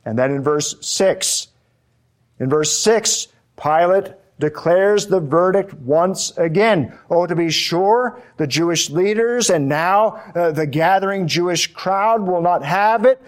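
A man preaching an expository sermon, slow and emphatic, repeating key phrases for weight. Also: high voice.

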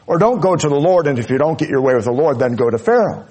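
A man preaching a sermon, earnest, dropping to soft low asides and rising to loud high peaks. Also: expressive, fast talker, slight background noise. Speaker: pastor.

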